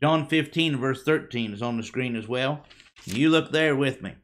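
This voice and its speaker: A man preaching a sermon to a congregation, emphatic, with dramatic pauses, rhetorical questions and phrases that fall away at the end. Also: medium pitch.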